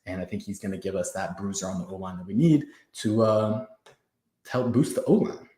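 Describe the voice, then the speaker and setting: A man's voice: low voice, lively intonation, a little fast, warm tone, roomy sound. A young man hosting a fan livestream in casual chat, hyped and out of breath, laughing as he talks to viewers from his home. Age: young adult. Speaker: fan podcast host. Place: home room. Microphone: camera on the floor.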